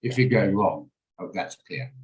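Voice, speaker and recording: This trading room host has a fairly low, expressive, slightly mellow voice and speaks a little slowly, with an echoey room and the highs cut off. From his home office on a video call, he runs a live trading lesson, walking through his orders and addressing attendees by name.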